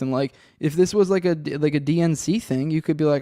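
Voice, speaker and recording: Podcast host: man, rambling and sardonic, swears freely, dark mellow voice on a dry, close track. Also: a little high, fast, few pauses, smooth, no echo. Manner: rambling, profane, sardonic, many restarts. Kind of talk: casual solo commentary with chat. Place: home room with a cat and a desk.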